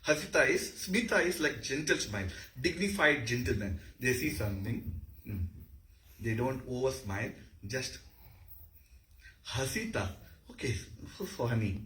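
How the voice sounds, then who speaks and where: A man with an Indian accent giving an animated university lecture on dance. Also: mid-range voice, normal speed. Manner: explanatory, animated. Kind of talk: lecture with demonstrations. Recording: echoey hall.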